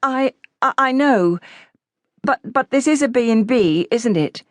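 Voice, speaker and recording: Rich: A frightened, worn-out young mother, as a woman narrator puts her on, pleading at a locked door. Her voice rides high and halting, close to tears. The recording is close and dry. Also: expressive, dry recording.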